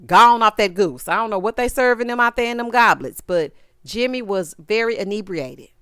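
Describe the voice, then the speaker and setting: A woman giving sassy, animated commentary as she recaps a reality show. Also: medium pitch, normal speed, clear, resonant tone, dry recording, clean studio sound. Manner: animated, sassy, acts out quotes.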